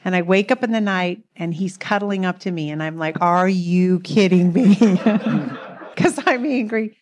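A woman's voice: mid-range voice, unhurried, darkish tone. Chatty laughing woman telling a story. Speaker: co-host speaking about marriage. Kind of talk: casual storytelling talk.

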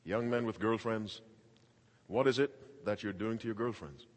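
A man's voice: on the low side, normal speed, in a large hall. A man preaching a sermon in an emphatic, dramatic way, acting out quoted voices.

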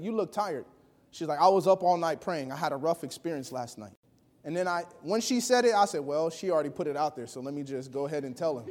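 A man preaching a sermon, telling a personal story with animated delivery that swings between hushed and loud. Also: high voice. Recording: long hall reverb.

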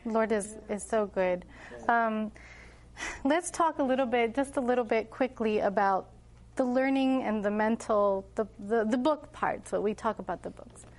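In a fairly high-pitched, darkish voice at normal speed, a middle-aged homeschooling mother tells stories during a casual talk. She brings her parenting anecdotes to life by animatedly voicing both herself and her children.

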